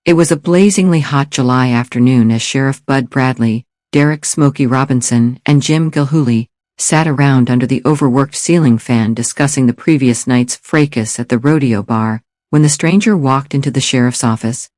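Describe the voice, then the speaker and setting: Measured male thriller narrator, dry booth. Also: mid-range voice, no room sound. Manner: steady, measured storytelling. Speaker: audiobook narrator.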